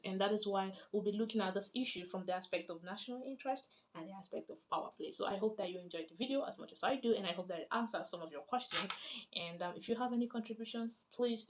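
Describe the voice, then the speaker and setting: A woman's voice: mid-range voice, a little hiss or hum. A woman, chatty and emphatic, explaining international politics in a casual vlog. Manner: chatty and emphatic, animated when making points.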